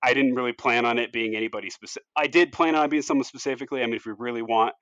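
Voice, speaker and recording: A man casually pitching a movie story on a podcast, rambling loosely with lots of "like" and "you know" and frequent restarts. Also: very fast, a bit bright, dry recording, highs cut off. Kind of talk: casual chat.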